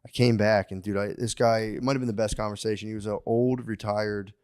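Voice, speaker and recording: A man co-hosting a comedy podcast, chatting casually, laughing often and dropping quieter while telling stories. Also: on the low side, steady tone, fast talker, clean tone. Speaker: podcast co-host.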